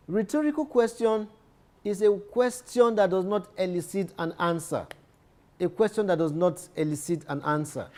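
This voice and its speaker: A man's voice: high voice, darkish tone. A man teaching a literature lesson, often repeating key phrases and restarting his sentences. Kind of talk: lecture.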